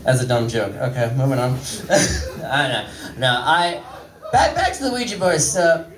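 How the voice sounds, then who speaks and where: This stand-up comedian, in his thirties, talks at a normal speed in a mid-range voice with lively intonation. His set is rambling, crude and self-deprecating, recorded far from the mic in a reverberant club.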